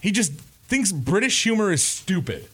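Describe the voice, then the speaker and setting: A man's voice: high-pitched, sing-song, moderate pace, a bit bright, husky. A man co-hosting a podcast, telling stories in a playful, rambling casual chat. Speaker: podcast co-host.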